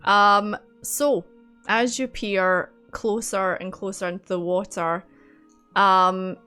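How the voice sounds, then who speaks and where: A woman's voice: medium pitch, steady tone, takes it slowly, sharp tone, clean tone, faint music behind. A woman running a tabletop game as game master, narrating in a giggly, chatty way.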